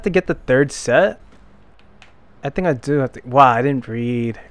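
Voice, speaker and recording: Slow, self-mocking young gamer. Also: male voice, mid-range voice. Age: young adult. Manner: self-deprecating, loud frustrated outbursts. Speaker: gameplay commentator. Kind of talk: casual let's-play commentary.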